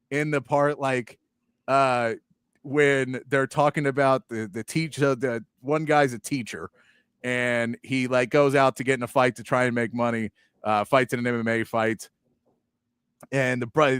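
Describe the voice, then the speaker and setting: A somewhat high-voiced man hosting a sports talk show in casual chat. He talks in an animated, mocking way and jumps into little acted bits. The sound is dry and close. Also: clean tone, no echo. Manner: animated, mocking, acts out movie lines.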